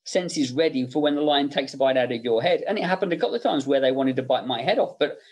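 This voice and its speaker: A man's voice: mid-range voice, fast talker, darkish tone. A middle-aged man who works as a special make-up effects artist, a podcast guest telling anecdotes with self-interruptions and chuckling asides.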